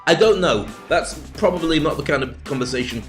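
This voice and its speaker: A man delivers a jokey, wandering stand-up style monologue. His voice sits a little higher than most men's, and he keeps drifting off on tangents before pulling himself back. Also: lively intonation, a little fast, faint music behind. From north of England. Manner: rambling, jokey, digressing. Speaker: host and speaking coach. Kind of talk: comic monologue.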